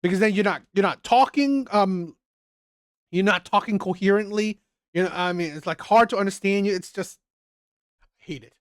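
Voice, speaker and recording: A man's voice: high-pitched, normal speed, pauses often, clean tone, dry recording, studio quality. A man hosting a reaction channel, giving opinionated commentary in a rambling way, often restarting and repeating his phrases.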